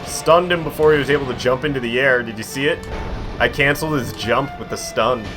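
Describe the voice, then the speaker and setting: A young man chatting through a live game stream, quick to get frustrated and poking fun at himself. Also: mid-range voice, music in the background. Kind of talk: casual live-stream commentary.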